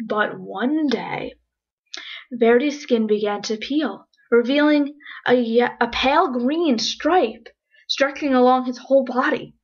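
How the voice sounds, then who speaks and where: A woman reading a children's picture book aloud, with expressive, lively storytelling. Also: a little high, unhurried. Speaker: storybook reader. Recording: dull lo-fi recording.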